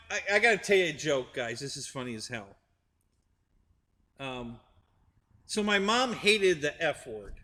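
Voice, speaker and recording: A man's voice: fairly high pitch, pushed and bright, in a large hall. A middle-aged man hosting a live stream, rambling through a joke with restarts and chuckles while chatting with viewers. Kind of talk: casual chat with live chat viewers.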